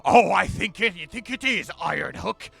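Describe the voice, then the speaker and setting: A man voicing rowdy half-drunk male pirates who shout gruffly. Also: high-pitched, lively intonation, moderate pace, pitched above the performer's own voice, full character voice.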